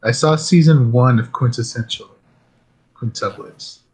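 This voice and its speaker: Husky hoarse-voiced man on a podcast. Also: mid-range voice, a little slow, a little mellow. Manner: laid-back, chuckling, rambling enthusiasm. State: hoarse, losing his voice. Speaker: podcast host. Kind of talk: casual chat.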